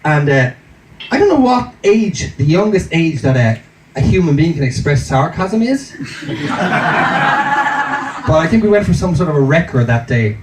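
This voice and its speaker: Animated self-mocking male stand-up comic. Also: fairly high pitch, moderate pace, long pauses, very noisy. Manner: self-mocking, animated, laughing through lines. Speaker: stand-up comedian. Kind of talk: stand-up storytelling. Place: comedy venue stage. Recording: echoey stage from far off with loud audience.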